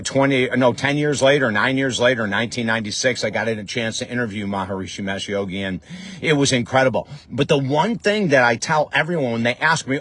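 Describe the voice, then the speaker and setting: A man's voice: mid-range voice, fast, a bit bright. A man hosting a podcast in a casual, enthusiastic monologue, with frequent fillers and restarts. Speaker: podcast host.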